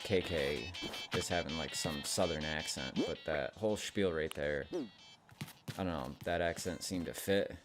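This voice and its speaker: Deep-voiced man chatting over gameplay. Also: unhurried, music in the background. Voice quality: rambling, chatty asides. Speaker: game streamer. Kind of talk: casual gameplay commentary.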